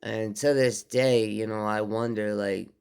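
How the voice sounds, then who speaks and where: Low gravelly male storyteller, unhurried, halting with fillers, smooth resonant tone. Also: fairly even intonation, a little mellow. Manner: slow, halting, with many fillers and restarts. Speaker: vlogger telling a personal story. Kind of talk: casual spoken storytelling.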